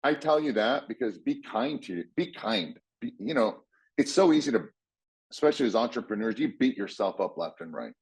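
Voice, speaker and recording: A man's voice: mid-range voice, animated, moderate pace, husky. A man giving blunt, casual motivational advice, swearing freely and acting out what people say. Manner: blunt, swears freely, acts out quoted voices.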